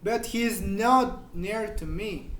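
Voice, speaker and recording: Man, high voice, informal English teacher, patient repeated examples, slight hiss. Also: fairly bright tone. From Mexico. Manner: explains slowly with repeated examples, searches for words. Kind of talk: informal grammar lesson.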